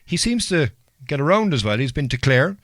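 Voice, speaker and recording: A man's voice: fairly high pitch, big pitch swings, brisk, a bit bright, dry recording, clean studio sound. A man hosting a podcast in casual, rambling chat. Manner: rambling, filler-heavy, chatty. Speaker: podcast host.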